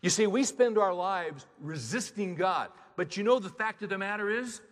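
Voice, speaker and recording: A man's voice: high voice, animated, normal speed. A man preaching a sermon in an emphatic, conversational way, asking the congregation rhetorical questions. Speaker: pastor. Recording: long hall reverb.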